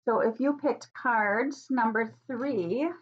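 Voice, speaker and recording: Middle-aged woman, husky tone, gentle encouraging card reader, dull lo-fi sound. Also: on the high side, slow pace. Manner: soft, earnest, encouraging. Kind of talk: gentle spiritual card reading.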